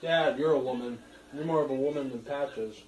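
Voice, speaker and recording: A man's voice: mid-range voice, brisk, darkish tone. Sarcastic man needling in an echoey room. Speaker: family member in an argument.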